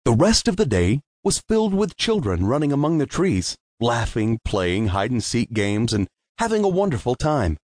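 Male storybook narrator, very animated pitch, gentle and expressive. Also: moderate pace, hardly any pauses, dry recording, studio quality. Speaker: audiobook narrator.

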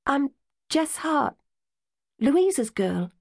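A woman narrator doing a desperate young woman from a storybook. She speaks in a high, tearful, pleading voice that swings up and down. The sound is dry and close. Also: big pitch swings, extremely slow, gravelly, a little mellow, no echo, exaggerated voice. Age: young adult.

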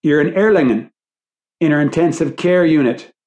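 A man voicing a calm hospital nurse who speaks in a quick, soothing, matter-of-fact way. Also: on the high side, natural voice. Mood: reassuring.

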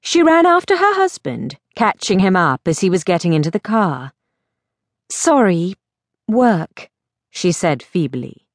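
Woman narrator for a mystery audiobook. Measured, expressive, dry studio sound. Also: fairly low pitch, dry recording.

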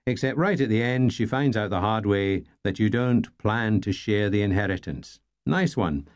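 A man's voice: lowish voice, normal speed. A man narrating a first-person novel in a dry, wry storytelling manner. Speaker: audiobook narrator.

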